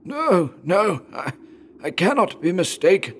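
A man's voice: high-pitched, very animated, fairly bright tone, slight background noise, voice pushed up, full character voice. A man playing a dying old father, thin and strained. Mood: feverish, insistent. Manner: slow, painful, halting speech. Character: dying old Siberian exile father, weak, feverish. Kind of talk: audiobook narration of horror story.

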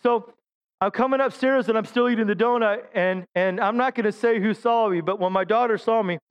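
A middle-aged pastor preaches a sermon in a high, clear, resonant voice at a fairly quick pace. He tells funny stories about himself, makes self-deprecating jokes and calls out to his congregation.

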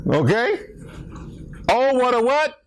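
A man's voice: extremely high pitch, big pitch swings, slow pace. A middle-aged man leading a Bible study in church, joking and teasing his listeners and laughing often. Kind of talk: playful Bible study teaching.

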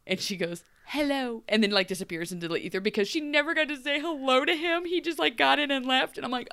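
A woman's voice: mid-range voice, animated, fast talker, a bit bright, smooth, no room sound. Chatty woman podcast co-host, dry sound. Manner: gushing, laughs often, acts out characters' lines. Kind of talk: casual chat.

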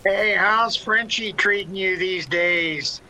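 A woman's voice: mid-range voice, takes it slowly, pushed and bright, slight background noise, low-quality recording. A woman voicing a lonely, chatty older male caller who rambles in a friendly way.

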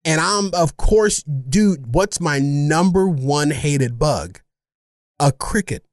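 A man co-hosting a podcast, telling a rambling, self-mocking story in casual chat, animated and funny. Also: on the high side, slow, no echo, clean studio sound. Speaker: podcast co-host.

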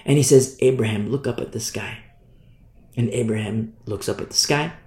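A man preaching a Bible study, emphatic, often asking "you see?" and swinging from loud bursts to quiet asides. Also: medium pitch, moderate pace. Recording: roomy echo.

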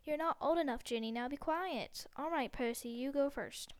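A woman voicing a plump, motherly woman who gives warm, brisk instructions in a storybook reading. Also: sits high, no echo, natural voice. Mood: kindly. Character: kindly plump mother of many sons.

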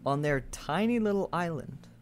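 A man in a casual podcast chat, delivering dry, deadpan jokes. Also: a little high, normal speed, faint music behind.

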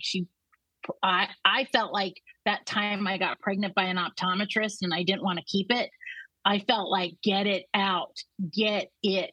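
Husky-voiced woman, blunt and profane. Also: fairly low pitch, bright, forceful tone, no echo, low-quality recording. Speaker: comedian guest. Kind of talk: casual chat.

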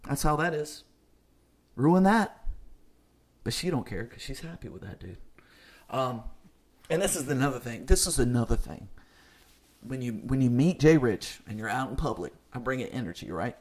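A man with a mid-range voice rants through a solo podcast episode. He talks emphatically and with a lot of energy, and his voice leaps up for punchlines before dropping into low, muttered asides. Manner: high-energy, emphatic, swings between loud bursts and low asides. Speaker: podcast host.

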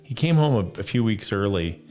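A man's voice: on the low side, animated, brisk, a little mellow. A man hosting a podcast in a casual, joking, rambling chat. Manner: jokey, upbeat, rambling. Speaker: podcast host.

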